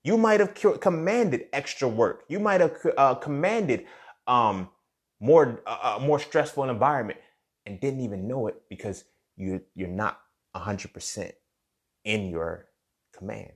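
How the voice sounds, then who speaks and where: Expressive and unhurried, a young man with a mid-range voice hosts a laid-back motivational podcast monologue. He curses openly as he tells his story, often pausing to ask whether you feel him.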